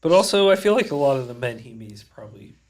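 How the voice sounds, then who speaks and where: A man's voice: mid-range voice, big pitch swings, fast talker. A young man co-hosting a comedy podcast, teasing his friends with crude wisecracks. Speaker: podcast co-host. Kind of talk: casual comedy chat.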